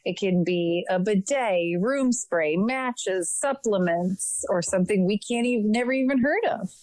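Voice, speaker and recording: A woman's voice: mid-range voice, unhurried, darkish tone, no room sound, poor audio. A woman co-hosting a casual podcast, asking the guest upbeat questions. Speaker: podcast co-host.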